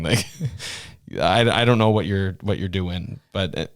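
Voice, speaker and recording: A man's voice: deep voice, slow, clear, resonant tone, no echo, studio quality. A Canadian man co-hosting a podcast in casual political chat, incredulous, laughing, full of "like". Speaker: podcast co-host.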